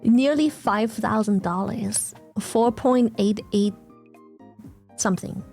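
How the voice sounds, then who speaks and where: A woman from Germany chatting casually on stream, telling stories in an excitable, animated way and swearing freely. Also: medium pitch, takes it slowly, creaky, soft background music. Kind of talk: casual chat.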